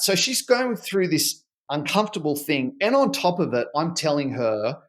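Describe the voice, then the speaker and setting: A middle-aged man, a podcast guest explaining his research in an animated, storytelling way. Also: fairly high pitch, normal speed. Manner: animated storyteller who acts out dialogue. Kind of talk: conversational podcast interview.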